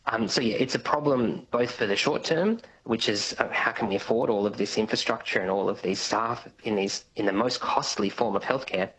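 A man who is a policy expert, explaining in a measured way with some fillers during a radio interview. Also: lowish voice, fairly bright tone, slightly rough, rough recording.

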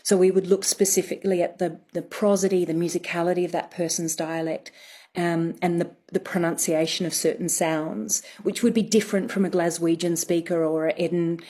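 Husky woman explaining dialect coaching. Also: fairly low pitch, level tone, brisk, warm tone. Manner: articulate, teacherly, explains in lists. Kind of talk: explanatory guest interview.

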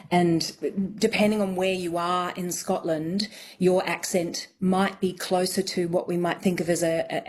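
A woman answering interview questions about accents and dialects in a thoughtful, explanatory way, often pausing on fillers. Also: fairly low pitch, a little mellow, slight background noise. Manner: thoughtful, many fillers and restarts.

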